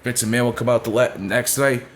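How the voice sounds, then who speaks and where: A man's voice: mid-range voice, steady tone, a little fast, slight background noise. A man ranting in a blunt, profane way in casual talk, often asking if you know what he's saying. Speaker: wrestling commentator vlogger. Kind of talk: casual opinion rant.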